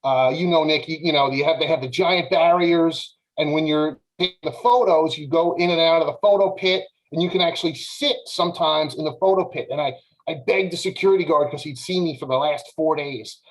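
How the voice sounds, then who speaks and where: Higher-pitched male panelist, rambling, animated storytelling. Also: a little fast, few pauses, low-quality recording. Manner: animated, lots of filler words. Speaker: podcast panelist. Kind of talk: casual storytelling.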